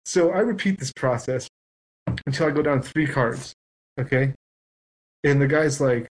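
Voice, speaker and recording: A man's voice: mid-range voice, measured pace, pauses often, low-quality recording. A man on a podcast telling a long story in casual chat, acting out both sides of it. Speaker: guest.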